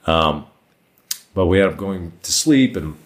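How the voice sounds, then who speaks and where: A man's voice: low voice, expressive, a little slow. A man as a podcast guest, telling a long personal story in a casual, rambling way with lots of "like" fillers.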